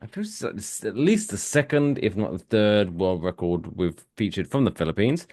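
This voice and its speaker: A male podcast co-host talks in a loose, crude comedic chat, tossing in jokes and bits. His pitch swings widely as he riffs. The sound is dry and close, with no room around it. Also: very animated, moderate pace, dry recording. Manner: crude, loud, swings into jokey impressions.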